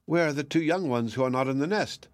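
A man's voice: fairly high pitch, fast, no echo, voice pushed up, lightly acted. A man voicing a blunt, exasperated crow who scolds. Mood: scolding.

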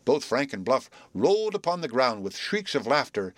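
Expressive man reading a story aloud. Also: mid-range voice, normal speed, no echo. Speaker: narrator.

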